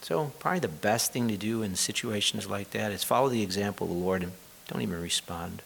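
Delivering a sermon, a man reads Bible passages and unpacks them in a chatty way, sometimes asking the audience questions. His voice is lowish, gravelly, and a bit bright, he speaks fairly quickly, and there's a slight hiss or hum.

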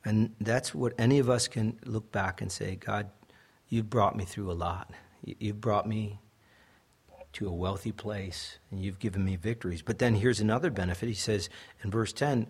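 A man's voice: on the low side, moderate pace, breathy edge. A young adult man, a pastor, preaching a sermon in an earnest way that builds to emphatic peaks.

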